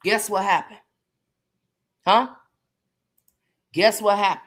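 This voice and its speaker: A woman in casual chat, talking sassy and emphatic. She hammers her points home by repeating them and swinging her pitch high and low. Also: steady tone, takes it slowly, fairly bright tone. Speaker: commentary livestream host. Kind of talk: casual chat, drama commentary.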